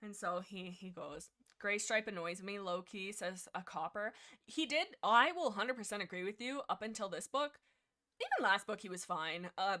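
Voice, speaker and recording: A young woman hosts a livestream in a loose, rambling chat. She jumps from one thought to the next, and her pitch swings up and down as she gets excited. Her voice sits in an ordinary middle range. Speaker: livestream host discussing books.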